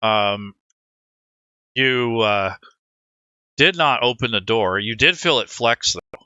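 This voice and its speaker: A man acting as game master in an online tabletop game, narrating scenes in a relaxed, rambling way and talking players through the rules. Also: mid-range voice, takes it slowly, clear, resonant tone, no room sound, muffled recording.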